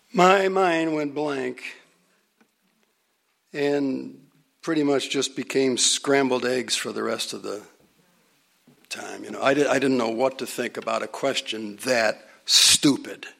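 A man preaching a sermon, telling a personal story with dramatic pauses and sometimes dropping almost to a whisper. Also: medium pitch, creaky, a bit bright.

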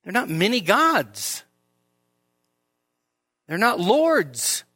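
Middle-aged guy preaching in church, bright ringing voice, kinda high, keeps repeating stuff to hammer it home. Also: wildly swooping pitch, very slow, slightly rough. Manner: earnest, emphatic, repeats phrases for stress. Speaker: pastor. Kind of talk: expository sermon.

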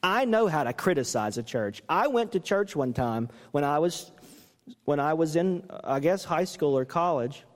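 Animated man preaching in a reverberant church. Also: fairly high pitch, moderate pace. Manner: animated, acts out quoted coaches with rising voice. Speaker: pastor. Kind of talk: sermon.

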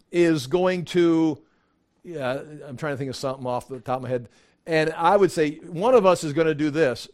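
A man's voice: fairly high pitch, normal speed. Man teaching a conversational Bible study. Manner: conversational, restarts, acts out quotes.

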